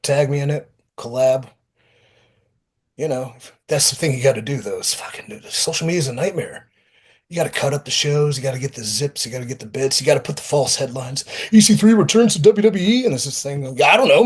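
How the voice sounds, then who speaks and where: A man being interviewed as a pro wrestler guest, talking in a blunt, profane, lively storytelling way. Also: medium pitch. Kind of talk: casual interview talk.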